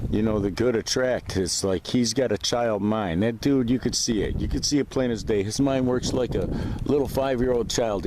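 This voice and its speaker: A man's voice: lowish voice, noisy background. A man ranting to camera in a vlog, rambling, profane and agitated. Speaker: vlogger. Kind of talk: casual rant to camera.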